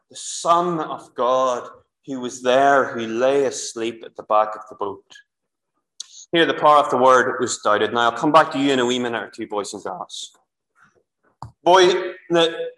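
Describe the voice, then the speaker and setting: A man's voice: fairly high pitch, pushed and bright. A man with a Northern Irish accent preaching a sermon in church, telling the story vividly and speaking directly to the children and the congregation. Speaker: minister. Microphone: clip-on microphone. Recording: echoey church room.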